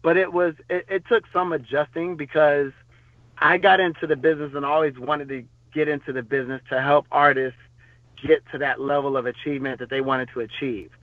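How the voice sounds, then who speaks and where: In this casual storytelling interview, a man who used to work as a bodyguard talks fairly quickly in a slightly high voice that barely moves in pitch. His telling is loose and rambling, packed with fillers and false starts, and the dry recording sounds tinny, like a phone line.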